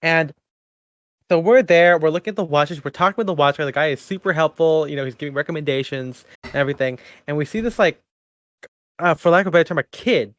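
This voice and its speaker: A man's voice: a little high, quick pace, fairly bright tone, no room sound. A young man co-hosting a podcast, telling a story in casual chat, acting out quotes and laughing often. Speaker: podcast co-host.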